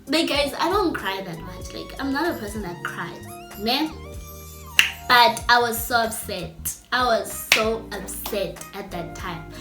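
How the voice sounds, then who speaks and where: A young woman tells a story in an animated, chatty way, often turning to her audience directly. Her voice sits high. The room is echoey, and soft music plays underneath. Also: a little slow. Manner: animated, chatty, talks straight to viewers. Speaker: vlogger. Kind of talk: casual storytime.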